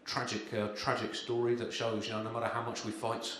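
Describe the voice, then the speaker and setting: A male stand-up comedian with a dry, deadpan delivery, full of ums and little chuckles. His voice rings around a very echoey venue. Audible room ambience sits behind him. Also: mid-range voice, a little fast, a little hiss or hum. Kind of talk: deadpan live stand-up set. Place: live comedy gig venue.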